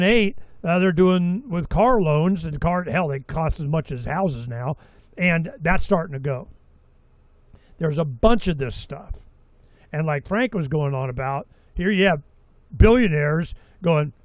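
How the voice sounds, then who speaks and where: A man's voice: on the high side, dry recording. A middle-aged man hosting a talk show, rambling and sarcastic in a casual monologue, slipping into mocking voices for quotes.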